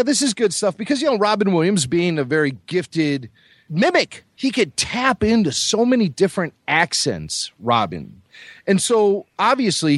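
Excited podcast guy, bouncy voice, bit high, dry close mic. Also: no room sound. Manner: enthusiastic, joking. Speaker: podcast co-host. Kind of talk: casual podcast chat.

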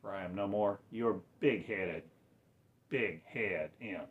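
A man delivering a rambling religious monologue, swinging between quiet low mutters and loud raised declarations, often stretching out his words. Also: a little slow, phone-quality sound.

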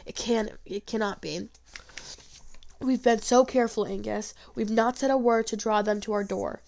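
Brief: woman reader doing a worried, hot-tempered farmer father, storybook, gruff. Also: a little high, normal speed, a little mellow. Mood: troubled.

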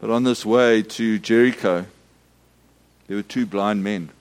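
A middle-aged Methodist minister, giving a storytelling sermon full of restarts and acted-out shouts. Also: male voice, on the low side, steady tone, unhurried, clear, resonant tone. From South Africa.

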